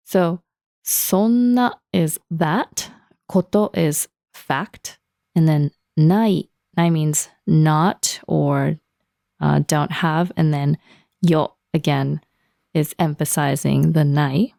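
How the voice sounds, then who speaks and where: A Japanese-speaking woman teaching on a language lesson podcast, explaining words slowly and laughing often. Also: low-pitched, vocal fry, dark tone, no echo, studio quality.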